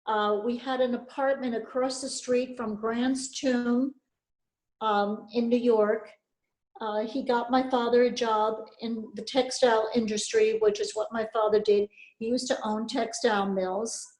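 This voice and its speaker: A woman's voice: a little high, little pitch movement, measured pace, darkish tone. An older woman from Poland giving a personal testimony talk, earnest and emphatic, repeating key phrases. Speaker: Holocaust survivor speaker. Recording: echoey room.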